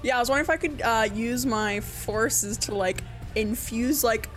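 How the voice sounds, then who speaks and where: A woman's voice: fairly high pitch, moderate pace, a bit bright, soft background music. A woman playing a tabletop game, chatty and hesitant, with many likes and ums. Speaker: player. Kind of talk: casual tabletop play.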